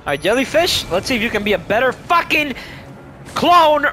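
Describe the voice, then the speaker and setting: Excitable high-voiced man yelling over gameplay. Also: fast, background noise. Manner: loud, excitable, swearing, swings from groans to yells. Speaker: gaming YouTuber. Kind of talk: let's play commentary.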